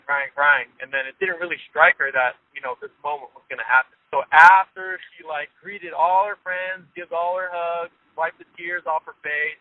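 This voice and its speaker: A man's voice: medium pitch, no room sound. A man telling a story in casual chat, laughing often and acting out the people he quotes. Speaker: interview guest. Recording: tinny phone line.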